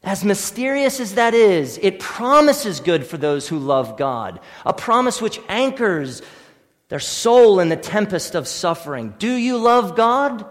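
A man preaching a sermon as pastor, earnest, dropping to a hush and then rising to force, repeating his questions. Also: sits high, very animated, measured pace. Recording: long reverb in a hall.

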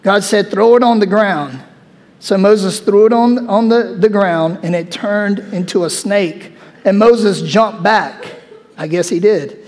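A male preacher giving a sermon in a conversational, animated way, acting out scripture as he goes. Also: high-pitched, measured pace. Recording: long hall reverb.

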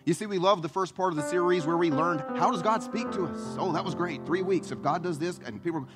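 A man preaching a sermon as pastor, animated, acting out voices and questions. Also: high-pitched, quick pace, hardly any pauses, over music. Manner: animated, acts out voices and questions, southern "y'all".

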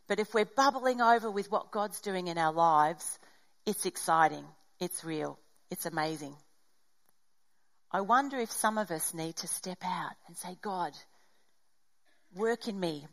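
A woman's voice: lowish voice, poor audio. A middle-aged woman preaching to a congregation. She tells stories with animation and slips into the voices of the people in them. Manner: animated storytelling, acts out dialogue. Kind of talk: sermon with personal story.

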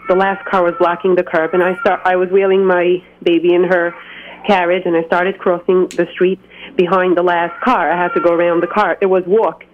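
A woman's voice: on the low side, slight background noise. A woman calling in to a radio show, speaking earnestly and urgently. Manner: earnest, urgent, hesitant at first. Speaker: caller. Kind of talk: phone-in call. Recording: dull phone line.

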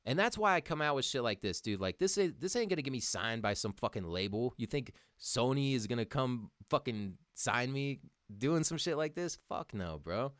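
A man's voice: mid-range voice, lively intonation, normal speed, fairly bright tone, no echo, clean studio sound. A young man hosting a casual show, ranting heatedly with lots of swearing and calling listeners "dude". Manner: heated, profane, says "dude" a lot. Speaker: podcast host. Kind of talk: casual profane monologue, reading articles aloud.

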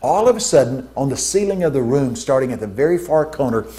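A man preaching a sermon, telling stories with vocal sound effects and swinging between hushed tones and shouts. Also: medium pitch, animated, brisk. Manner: shifts from hushed to shouting for emphasis.

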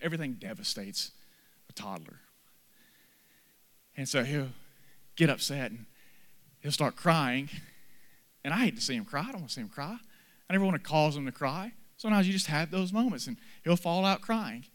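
A male pastor preaches an earnest sermon full of repeated short phrases, his delivery swinging between soft, low stretches and loud ones.

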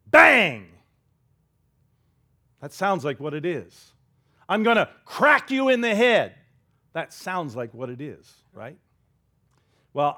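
Pastor, male, high voice, dramatic storytelling sermon with hushed asides. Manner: dramatic storytelling, drops to a hush for quoted words; leads the congregation in call-and-response.

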